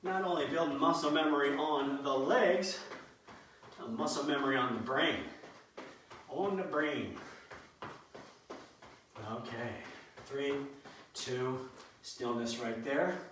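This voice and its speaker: A man's voice: on the high side, slow pace, pauses often, fairly bright tone. A man leading a workout class, counting out reps and cueing moves with joking asides. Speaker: fitness instructor. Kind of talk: live workout coaching. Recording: echoey room, mic at a distance, faint noise.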